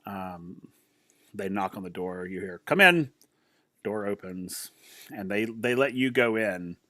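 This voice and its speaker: Low-voiced, rambling man game master. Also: fairly even intonation, unhurried, no echo, studio quality. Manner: chatty, rambling, many fillers and restarts. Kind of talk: narrating a tabletop game.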